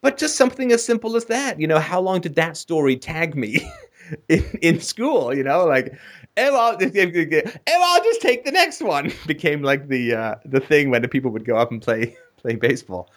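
A man from England with an English accent, hosting a call-in show and telling animated stories from his childhood, laughing often. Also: normal speed. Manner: animated, laughs often, jumps into a high voice for emphasis. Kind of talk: anecdotal storytelling.

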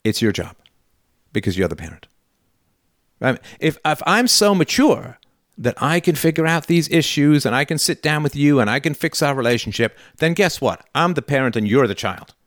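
A man's voice: on the high side, very animated, normal speed, no room sound, clean studio sound. A man hosting a call-in show, playing a son who confronts his father in a heated, emphatic and sarcastic way, swearing as he goes. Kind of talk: call-in show role-play.

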